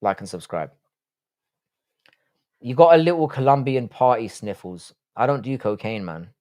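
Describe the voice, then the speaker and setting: A man's voice: mid-range voice, big pitch swings, moderate pace, a little mellow. Blunt, profane man on a live stream. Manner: blunt and profane, musing aloud. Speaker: live-stream host reading chat. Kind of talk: casual live-stream chat.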